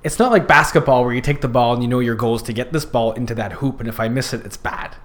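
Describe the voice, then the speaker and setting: A youth circus worker appears as a podcast guest, talking fast in a middle-pitched voice. His casual chat rambles along with plenty of fillers and false starts.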